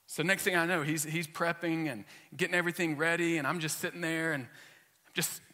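A man's voice: on the high side, steady tone, brisk, bright, forceful tone, big-room sound. A male pastor giving a sermon, telling a personal story with humor and frequent restarts. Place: church sanctuary.

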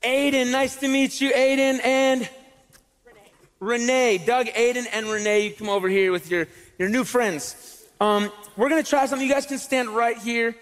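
A man's voice: very high-pitched, fairly even intonation, normal speed, a bit bright. A man doing comedic stage patter as an illusionist in a church, chatty and joking. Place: large church hall on stage. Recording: long reverb of a church hall.

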